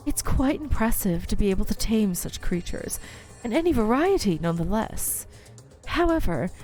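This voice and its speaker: A woman's voice: a little high, darkish tone, close to an everyday voice. A woman voicing a polite, formal student who talks in a bookish way in a game playthrough.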